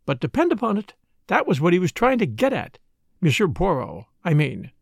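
A man voicing a brisk, gossipy middle-aged spinster sister who speaks in a complacent, self-important, knowing way. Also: sits high, wildly swooping pitch, vocal fry, no room sound, studio quality, exaggerated voice. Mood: self-satisfied. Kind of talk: audiobook character voice.

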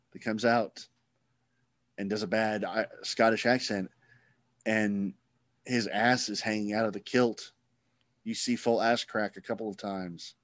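A man's voice: on the low side, dry recording. A man hosting a casual podcast chat, rambling and sarcastic, swearing freely.

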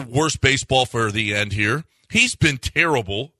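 A man's voice: lively intonation, moderate pace, sharp tone, dry recording. A man co-hosting a sports talk radio show, ranting in exasperation with his voice jumping up when he gets worked up. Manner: exasperated, rants with rising pitch.

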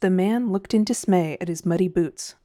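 Mellow-voiced woman narrating a story. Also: fairly low pitch, normal speed, no room sound, studio quality. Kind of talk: scripted narration.

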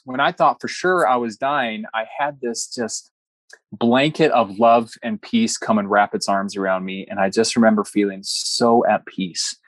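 A man's voice: medium pitch, fairly bright tone, dry recording. Earnest young man telling his story. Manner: earnest, heartfelt storytelling with light humor. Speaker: podcast guest. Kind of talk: personal story told in an interview.

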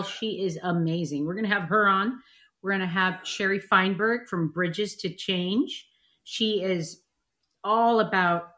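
A woman's voice: lowish voice, fairly bright tone. A woman hosting a live online show, talking with gushing enthusiasm about her guests. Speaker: host.

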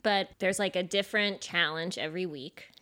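A woman's voice: fairly low pitch, moderate pace, sharp tone. Chatty, playful woman podcast co-host. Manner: chatty, playful, breaks into bits and mock voices. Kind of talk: casual chat.

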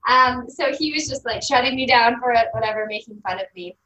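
A Canadian woman in her thirties, a guest on an interview show, telling personal stories casually with lively quoted voices and frequent laughter. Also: fairly high pitch, brisk. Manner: animated, laughs often, quotes people in voices. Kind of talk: casual storytelling. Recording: roomy echo.

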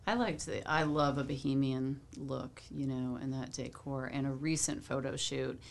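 A woman talks casually as a podcast guest, chatty and laughing easily. Her voice sits very low with a gravelly fry. Faint room noise runs underneath. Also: steady tone, normal speed. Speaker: event venue staff guest.

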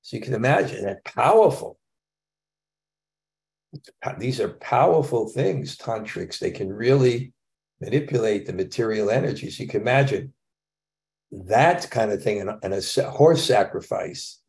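A man's voice: mid-range voice, animated, measured pace, creaky, a little mellow. A man teaching a scripture class in a casual, conversational way, with chuckling asides.

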